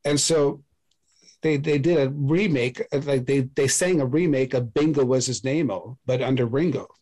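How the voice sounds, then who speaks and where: A man's voice: mid-range voice, normal speed. A man hosting a podcast, chatting casually and telling a short anecdote. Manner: brief interjections, then a relaxed anecdote. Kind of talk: casual chat.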